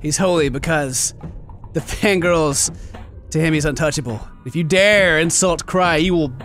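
A man giving gameplay commentary in a giggly, excitable, mock-dramatic way. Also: a little high, unhurried, soft background music. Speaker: gaming YouTuber.

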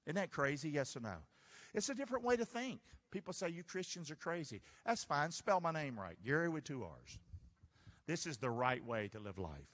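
Male pastor, animated call-and-response preacher; fairly high, bright voice heard in a hall with long reverb. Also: normal speed. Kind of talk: sermon. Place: church sanctuary.

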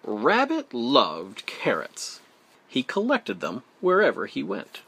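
A man reads a children's storybook aloud, slowly and with great expression. His voice is bright and clear, and it rises and falls widely. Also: mid-range voice, wildly swooping pitch. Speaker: storybook reader. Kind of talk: children's audiobook read-aloud.

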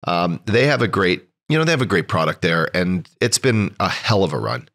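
A man's voice: low voice, very animated, fairly quick, fairly bright tone. A man from Edmonton co-hosting a podcast, chatting casually with enthusiasm and plenty of swearing. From Edmonton, Canada. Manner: swearing, enthusiastic, thanks people. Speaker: podcast co-host. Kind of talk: casual chat.

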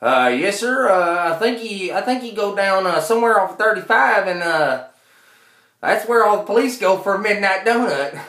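A man's voice: sits high, expressive, moderate pace, sharp tone, pitched above the performer's own voice, full character voice. A man playing a hesitant, drawling rural store clerk, recorded from far off in an echoey room. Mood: bumbling.

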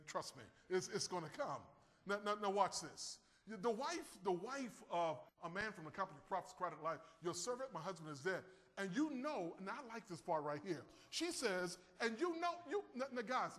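A man preaching a sermon, animated and calling on his listeners to answer and raise their hands. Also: high voice, big-room sound. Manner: animated, calls on the audience to respond.

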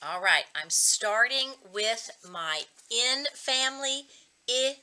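A woman teacher reading a picture book aloud to young children and slowly sounding out word-family words. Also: a little high, expressive, bright, forceful tone. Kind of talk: children's read-aloud and phonics lesson.

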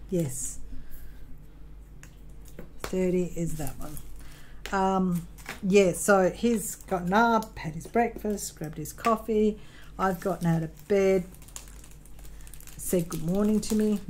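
Sitting at her craft desk at home, an Australian woman vlogs while she crafts, her voice a little low and somewhat mellow. She wanders through a personal story with lots of ums, restarts and corrections. The audio is poor, with a faint hiss behind her.

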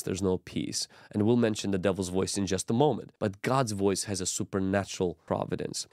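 A male pastor delivering a sermon with an earnest, emphatic cadence. His voice sits a little low, and it is recorded dry and close with almost no room sound. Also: a little mellow, no room sound. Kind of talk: sermon-style teaching.

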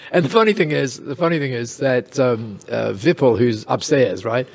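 A man telling a casual anecdote in an interview, lively, with chuckles and quick asides. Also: medium pitch, creaky, slightly rough. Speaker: interview guest, storyteller.

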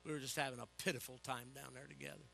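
An older man preaching a sermon, telling animated personal stories with humor and calling for "Amen?" from the congregation. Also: mid-range voice, very fast, gravelly, faint music behind.

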